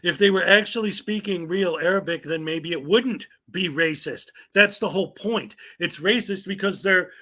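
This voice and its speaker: A man's voice: high-pitched, moderate pace, few pauses, bright, forceful tone. A man hosting a commentary show, reading viewer comments aloud in a sarcastic, mocking way. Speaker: commentary channel host.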